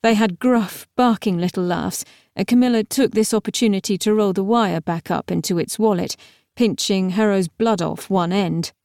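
A woman narrates a novel in a measured, expressive manner. Her voice sits in a middle register. The recording is close and completely dry. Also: mid-range voice, gravelly, no echo. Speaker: audiobook narrator. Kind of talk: scripted narration.

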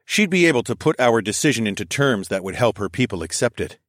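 A man reading a first-person story aloud, expressive and sometimes dropping to a whisper. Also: medium pitch, fast talker, dry recording, studio quality. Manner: expressive, shifts into whispers for dialogue. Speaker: audiobook narrator.

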